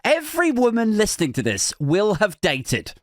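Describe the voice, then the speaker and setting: A man's voice: high-pitched, huge pitch swings, moderate pace, no room sound, studio quality. A man hosting a podcast, giving a crude, sarcastic comedic commentary and slipping in mock voices. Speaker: podcast host.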